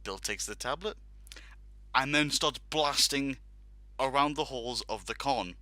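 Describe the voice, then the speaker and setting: A man's voice: mid-range voice, measured pace, sharp tone, dry recording. A man hosting a casual talk show, telling a long funny anecdote with laughs and acted-out quotes. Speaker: podcast host telling a story. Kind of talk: casual storytelling.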